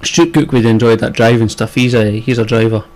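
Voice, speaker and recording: A man's voice: medium pitch, brisk, darkish tone. A man co-hosting a casual podcast, chatty, swearing and laughing as he goes. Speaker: podcast co-host. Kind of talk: casual chat.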